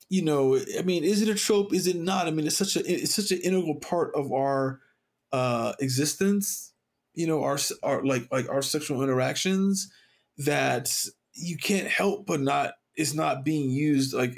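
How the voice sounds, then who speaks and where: A man's voice: fairly high pitch, unhurried, creaky. A man co-hosting a podcast in casual chat, rambling with many fillers and restarts, and acting out quoted lines. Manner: animated, acts out quoted voices. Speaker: podcast co-host.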